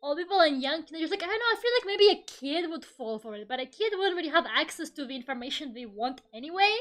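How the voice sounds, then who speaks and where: High-voiced, swearing young woman streamer. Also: sing-song, fast, fairly bright tone. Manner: swears freely, laughs often, rambling. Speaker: VTuber streamer. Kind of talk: casual chat during an art stream.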